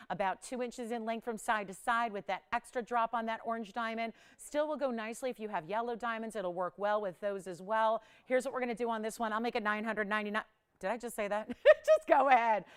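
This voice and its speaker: A woman's voice: on the high side, smooth. Bubbly shopping-channel woman host. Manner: bubbly, chatty, excited over prices. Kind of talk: live shopping sales pitch. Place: television shopping studio.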